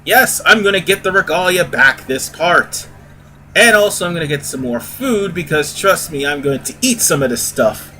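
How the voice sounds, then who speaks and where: Man, casual let's-play commentary, rambling, self-correcting, bright tense voice. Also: on the high side, lively intonation, normal speed, a little hiss or hum. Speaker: gaming video host.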